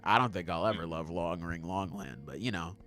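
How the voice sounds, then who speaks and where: A man co-hosting a casual chat podcast, excitable and slangy, laughing often. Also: deep voice, brisk, faint music behind. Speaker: podcast co-host.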